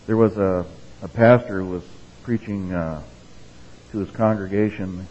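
A man's voice: deep voice, steady tone, unhurried, a little mellow. A man preaching a sermon in a casual, conversational way, reading quotations with rising emphasis and checking in with the listeners. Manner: conversational preaching, tag questions like okay and right. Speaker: pastor. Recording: dull, reverberant hall sound.

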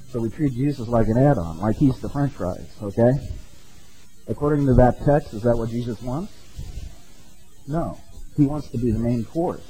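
Mellow-voiced man preaching conversationally. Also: mid-range voice, moderate pace, long pauses, breathy edge, faint music behind, rough recording. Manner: conversational, peppered with "okay?" and "right?". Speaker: pastor. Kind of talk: sermon.

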